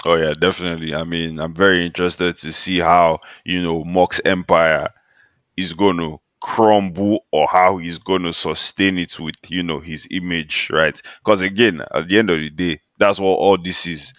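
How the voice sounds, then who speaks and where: Male podcast co-host, very low voice, dry close sound, slangy and animated. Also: moderate pace, no echo. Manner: slangy, animated, laughs while talking. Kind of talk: casual podcast chat.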